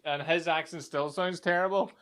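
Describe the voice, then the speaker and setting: An Irish man hosting a casual podcast interview. His voice sits a little high, and he speaks in a relaxed, chatty way, laughing easily with his guest. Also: normal speed, smooth. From Ireland. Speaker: podcast host.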